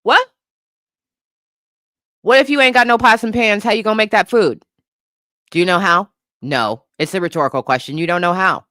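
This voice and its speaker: A woman co-hosting a podcast, ranting in a profane, animated way and laughing often. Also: mid-range voice, normal speed, long pauses, no room sound, studio quality. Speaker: podcast co-host. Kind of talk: casual comedic commentary.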